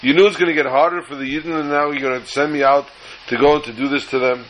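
A man's voice: on the high side, steady tone, quick pace, fairly bright tone, a little hiss or hum, poor audio. A man, a rabbi giving a Torah class online, telling a story and weaving Hebrew and Yiddish words into his English. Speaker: rabbi teaching on the weekly Torah portion.

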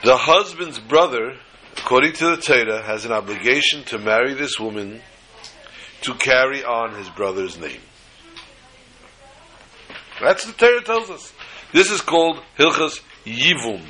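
Older rabbi telling lively stories. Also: male voice, mid-range voice, unhurried, pauses often, slight background noise, rough recording. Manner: storytelling, with asides and jokes. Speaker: rabbi teaching a class. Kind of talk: Torah class with anecdotes.

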